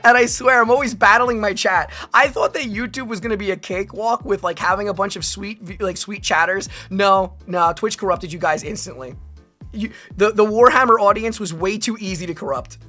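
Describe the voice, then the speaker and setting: A woman streamer talks casually with her chat and reads comments aloud in a rambling, animated way. Her voice is bright and forceful, with faint music playing softly behind her. She laughs easily as she goes. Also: medium pitch, brisk. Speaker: VTuber streamer.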